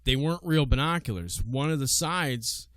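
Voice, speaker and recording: A man's voice: medium pitch, animated, normal speed, dry recording. A man co-hosting a radio talk show in casual chat, joking and laughing often, recorded on a studio mic. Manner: jokey, laughs often, bursts into loud impressions.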